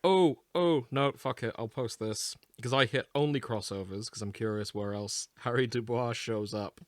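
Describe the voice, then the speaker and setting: A man's voice: medium pitch, moderate pace, dry recording, clean studio sound. A man co-hosting a podcast in casual chat, playful and crude, laughing often. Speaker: podcast co-host.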